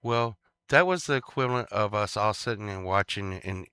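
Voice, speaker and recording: A man with a lowish, bright, smooth voice rambles through stories at an unhurried pace. He stops and restarts often, fills gaps with ums, and laughs at his own jokes. The sound is close and dry. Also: dry recording. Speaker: vlogger. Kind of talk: casual rambling chat.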